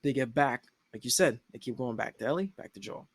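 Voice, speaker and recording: A young man co-hosting a casual TV episode discussion, slangy and animated, often breaking into laughter as he retells scenes. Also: mid-range voice, brisk, husky, no room sound. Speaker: podcast co-host.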